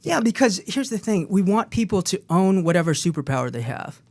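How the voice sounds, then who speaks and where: A woman's voice: on the low side, very animated, brisk, a little mellow. A woman co-author on a talk show, speaking emphatically and repeating her key phrases. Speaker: co-author and former co-host.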